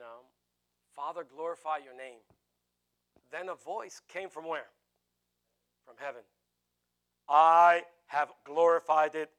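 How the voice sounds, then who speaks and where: A man's voice: on the high side, creaky, fairly bright tone. A man preaching a sermon emphatically, repeating phrases and chuckling as he goes.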